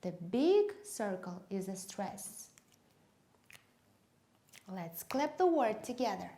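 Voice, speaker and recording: A woman, a native Kyrgyz speaker, demonstrates an English lesson for teachers. She talks at an unhurried, deliberate pace and drills each word with clear, emphatic stress. Her voice sits at an ordinary middle pitch. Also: very animated, warm tone.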